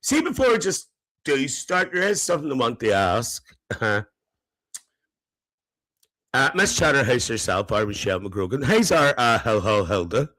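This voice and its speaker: A man's voice: mid-range voice, very animated, moderate pace, pauses often, sharp tone, rough recording. A man playing a gossipy, cheeky older auntie who hosts a live comedy stream, chatting and teasing the viewers and laughing between lines.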